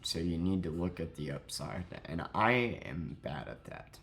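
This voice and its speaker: A young man telling a sad story in a halting, grieving way, close to crying, in a confessional vlog. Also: deep voice, expressive, gravelly, a bit bright, slight background noise. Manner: halting, heavy with grief, self-critical. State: near tears. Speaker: vlogger.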